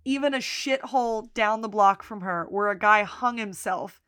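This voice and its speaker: A woman co-hosting a podcast, casually recapping episodes and slipping into quick voices for the characters. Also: mid-range voice, smooth, dry recording, clean studio sound. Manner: retells scenes, quoting characters in lively voices. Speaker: podcast co-host.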